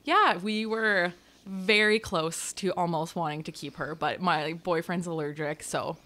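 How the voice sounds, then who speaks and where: Bright-voiced chatty woman. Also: fairly low pitch, measured pace. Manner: chatty storytelling with frequent "like" fillers. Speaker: podcast co-host, wedding photographer. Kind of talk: casual chat.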